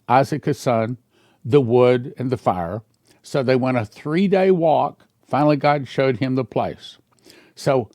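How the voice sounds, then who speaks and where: A man's voice: medium pitch, gravelly, darkish tone, no echo, clean studio sound. A man pastor retelling a scripture story in a sermon, with emphatic repetition.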